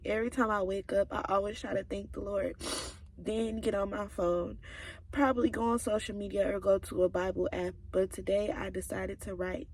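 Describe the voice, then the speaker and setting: A woman's voice: mid-range voice, a little mellow. A young woman, chatting in a casual, confiding way as she reads through her old journals. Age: 20s. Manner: emotional, confiding, many "like"s. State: tearful at times. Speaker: vlogger. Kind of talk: casual personal vlog, reading old journals.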